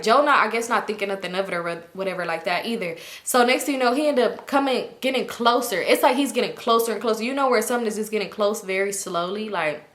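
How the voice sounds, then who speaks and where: Young woman vlogger, chatty storytime, bright tone, echoey room. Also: a little high. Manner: animated, acts out quotes. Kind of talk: casual storytelling.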